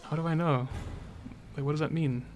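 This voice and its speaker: Animated, high-voiced swearing streamer man. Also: normal speed, music in the background. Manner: rambling, swears often, laughs through stories. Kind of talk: casual stream chat. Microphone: dynamic microphone.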